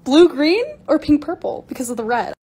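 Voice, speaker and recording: A young woman chatting through her own vlog, narrating each task step by step in an excitable, casual way. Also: sits high, fairly quick. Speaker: TikTok creator.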